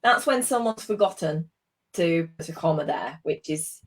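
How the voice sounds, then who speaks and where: A woman's voice: deep voice, expressive, moderate pace, a little hiss or hum. Patient British woman teaching writing. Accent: British English. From Britain. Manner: patient, explains with examples, many ums and you knows. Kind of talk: live online tutoring session.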